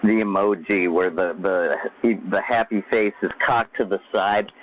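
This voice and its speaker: A man's voice: fairly low pitch, moderate pace, hardly any pauses, lo-fi sound, slight background noise. A man live-streaming alone, rambling and swearing as he entertains himself. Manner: rambling, profane, self-amused. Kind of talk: casual live-stream monologue. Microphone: desk microphone.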